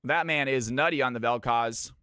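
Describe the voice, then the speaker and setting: A man's voice: medium pitch, normal speed, bright, forceful tone, clean tone, dry recording, studio quality. A man from California hosting a live game stream, commentating picks and greeting viewers by name in an upbeat way. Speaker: streamer casting viewer games.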